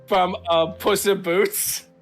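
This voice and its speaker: A podcast host chats casually, recapping a game story in a rambling way with lots of fillers and restarts. His voice sits high, with a level tone and a slow pace, and soft music plays in the background.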